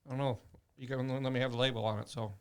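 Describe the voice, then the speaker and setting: A man's voice: mid-range voice, fairly even intonation, rapid-fire, smooth. A man in a casual podcast chat, telling things in a laid-back way. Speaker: podcast co-host.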